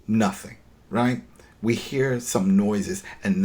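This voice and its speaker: A man co-hosting a podcast, retelling a TV episode in a casual, animated and exasperated way, often restarting his sentences. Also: fairly low pitch, normal speed. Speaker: podcast co-host.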